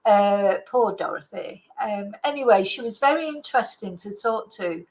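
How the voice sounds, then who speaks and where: An older woman hosts her own channel and chats to the camera. She tells a personal story in a loose, rambling way, with plenty of fillers and restarts. Her voice sits at an ordinary middle pitch. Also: lively intonation, moderate pace, a little mellow, low-quality recording. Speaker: channel host. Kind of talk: casual storytelling monologue.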